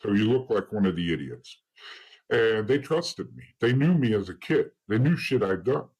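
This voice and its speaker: A man's voice: lowish voice, expressive, moderate pace, darkish tone, husky, rough recording. A man, an interview guest, telling his story in a blunt, profane, rambling way. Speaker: interview guest, former informant.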